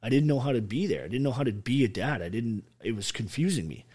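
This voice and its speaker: A man's voice: mid-range voice, expressive, fast talker, a little mellow, husky. An army veteran telling his story as an interview guest, blunt and full of swearing. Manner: blunt, heavily profane, emphatic.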